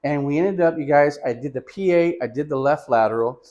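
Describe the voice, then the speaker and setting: A man with a fairly high voice teaches chest X-ray positioning in a relaxed, conversational way. He addresses his students as "you guys" and raises his voice to call breathing instructions to a patient. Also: a little fast, muffled recording. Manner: gives patient instructions loudly. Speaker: radiography instructor. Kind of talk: hands-on teaching demonstration and storytelling.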